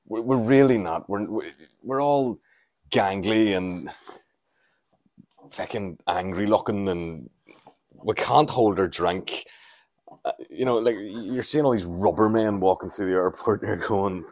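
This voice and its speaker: A man's voice: fairly low pitch, a little slow, a little mellow, no room sound. A Northern Irish man hosting a casual solo podcast from home, telling sweary, jokey stories while doing chores around the house. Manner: rambling, sweary, jokey storytelling. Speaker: podcast host.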